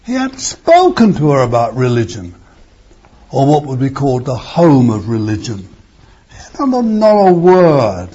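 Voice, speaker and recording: A man's voice: medium pitch, sing-song, unhurried, warm tone, husky, dull audio. A man preaching an expository sermon, emphatic, asking rhetorical questions and breaking into raised bursts.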